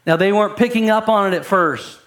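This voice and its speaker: A pastor preaching a sermon in a conversational way, repeating words and building emphasis. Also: male voice, high-pitched, a little fast, fairly bright tone.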